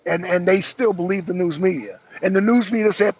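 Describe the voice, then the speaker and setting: A man's voice: high voice, a little fast, gravelly, hardly any pauses, muffled recording, a little hiss or hum. A man hosting a political talk stream, chatting casually and animatedly with viewers, greeting them by name and swearing often. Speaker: political talk show host. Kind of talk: casual live-stream commentary.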